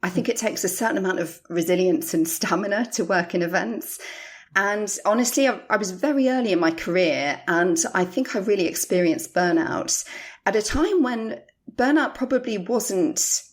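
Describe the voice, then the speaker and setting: A middle-aged woman, a podcast guest, candidly telling her career story with animated quoted voices. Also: medium pitch, normal speed. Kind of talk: interview storytelling.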